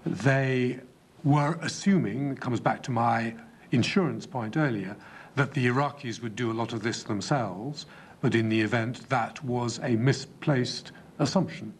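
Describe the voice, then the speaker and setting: A man testifies before an inquiry panel in a slow, careful, deliberate way. He pauses often to weigh his words, and his voice sits in a mid range. A faint hiss of noise runs under the recording. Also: medium pitch. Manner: measured, deliberate, with frequent hesitations. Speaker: inquiry witness. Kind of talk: formal testimony.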